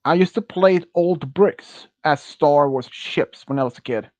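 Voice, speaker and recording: A man's voice: fairly high pitch, darkish tone. A man chatting with friends on a stream, speaking English with a Swedish accent, rambling and correcting himself. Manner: rambling, halting, self-correcting, laughs often. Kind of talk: casual chat with friends. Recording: muffled dry close mic.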